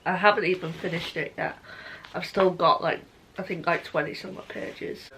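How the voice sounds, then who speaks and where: A woman's voice: on the low side, steady tone, moderate pace, fairly bright tone, rough recording. A young woman chatting casually in a reading vlog, gushing and emotional, with many "like"s. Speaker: book vlogger.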